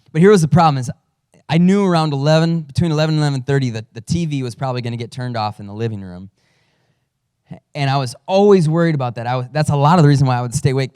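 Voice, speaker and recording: A man's voice: mid-range voice, a little mellow, clear, resonant tone, no room sound, studio quality. A man who is a father, a pastor giving a conversational sermon with storytelling and self-deprecating humor. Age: adult father.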